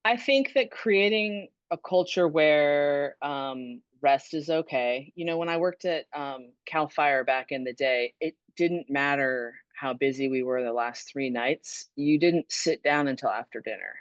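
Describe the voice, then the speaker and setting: With a low voice, an unhurried pace and few pauses, a woman who used to be a fire battalion chief answers webinar questions as a guest speaker. She's earnest and conversational, frequently using ums and restarts, and the dull lo-fi webinar audio is dry, with no echo.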